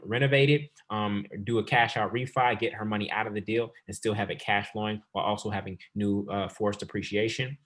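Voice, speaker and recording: A man hosting a real estate investing webinar as coach, talking fast and calling the audience y'all. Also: fairly low pitch, fairly bright tone. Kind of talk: sales webinar presentation.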